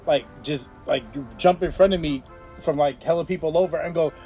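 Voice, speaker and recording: A man's voice: fairly high pitch, normal speed, warm tone, faint music behind. A man from the Bay Area chatting casually with friends, using laid-back slang and laughing. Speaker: friend in group chat. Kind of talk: casual chat.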